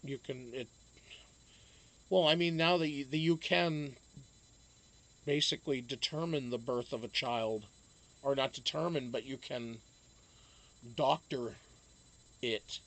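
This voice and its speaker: A man's voice: mid-range voice, slow pace, pauses often, fairly bright tone, rough recording. A man hosting a casual live stream, rambling and joking, swearing now and then and answering chat by name.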